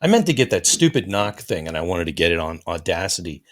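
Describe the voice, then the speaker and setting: A man's voice: sits low, very animated, fast talker. A tired middle-aged man hosting a podcast, chatting in a rambling, easygoing way. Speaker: podcast host. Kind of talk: casual chat.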